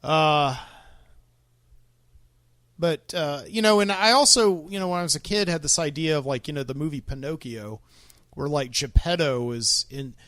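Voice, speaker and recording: A man's voice: on the high side, moderate pace, fairly bright tone, no room sound, studio quality. Wry, rambling male podcast host. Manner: rambling, wry, many ums and uhs. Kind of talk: casual solo monologue.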